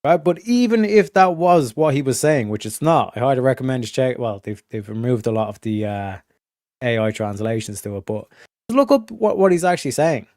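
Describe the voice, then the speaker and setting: A man in the middle of a loose monologue on his stream, swearing freely and padding his talk with "like" and "you know." His voice sits at an ordinary pitch and is recorded close and dry, with no room sound. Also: lively intonation, brisk, darkish tone, dry recording. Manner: profane, filler-heavy, restarts often; swings from emphatic to low muttered asides. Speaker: streamer hosting a study session. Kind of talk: casual rambling monologue.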